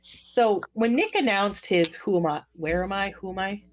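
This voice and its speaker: A woman's voice: medium pitch, lively intonation, normal speed, a little hiss or hum. A woman co-hosting a podcast, chatting casually and breaking in with asides for the listeners. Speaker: podcast co-host. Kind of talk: casual chat.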